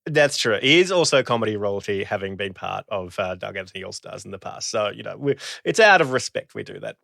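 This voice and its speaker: An Australian man hosting a podcast in casual chat, bantering in a lively way and laughing often. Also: fairly low pitch, fairly quick, creaky, no room sound, clean studio sound. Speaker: podcast host.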